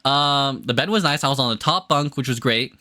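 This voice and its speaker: Excitable, rambling young man streaming. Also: mid-range voice, a little fast, dry recording, studio quality. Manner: rambling and excitable, with many restarts. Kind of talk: casual livestream chat.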